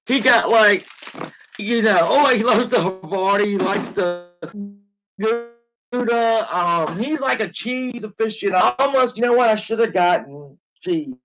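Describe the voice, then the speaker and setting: A woman's voice: mid-range voice, lively intonation, a little slow, a bit bright, muffled recording, soft background music. Chatty, joking woman livestream host in her forties. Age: 40s. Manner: chatty, joking, swears freely. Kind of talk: casual chat.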